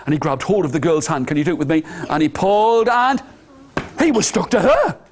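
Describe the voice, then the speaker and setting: A man telling an interactive story to nursery children, animated and coaxing them to join in. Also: fairly high pitch, a little fast, a little hiss or hum. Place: nursery school room.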